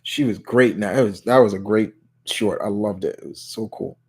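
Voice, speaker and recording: A man with a low-ish, slightly mellow, husky voice hosts a live Q&A stream at a moderate pace, chatting casually. He reads viewer questions aloud and answers them in a rambling way, full of restarts and "you know"s.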